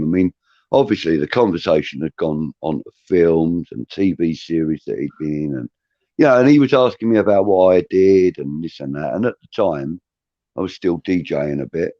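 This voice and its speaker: A middle-aged man with a low voice tells a long, rambling story in a casual way. The recording is dull and dry. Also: warm tone, dry recording. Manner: rambling, anecdotal. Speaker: podcast co-host.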